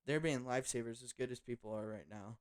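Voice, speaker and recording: A man's voice: mid-range voice, quick pace. A young man telling a personal story to his viewers in a casual vlog, with loose slang and lots of fillers. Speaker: vlogger.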